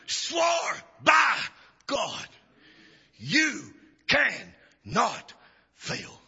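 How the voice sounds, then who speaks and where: A male preacher delivering a revival sermon, chanting upward and dropping to a hush. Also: extremely high pitch, huge pitch swings, very slow, pauses often, husky. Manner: chanting rises and sudden drops to a hush. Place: church sanctuary. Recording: dull lo-fi church recording.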